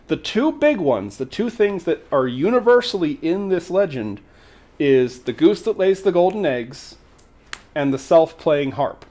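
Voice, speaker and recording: A man hosting a livestream, retelling a folk tale in a casual way with animated, exasperated banter aimed at the chat. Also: fairly high pitch, measured pace. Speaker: host.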